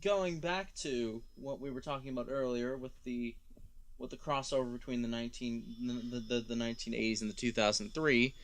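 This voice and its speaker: A man co-hosting a casual review chat, animated and acting out voices as he talks. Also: mid-range voice, fairly quick. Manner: animated, acts out voices and quotes. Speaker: co-host.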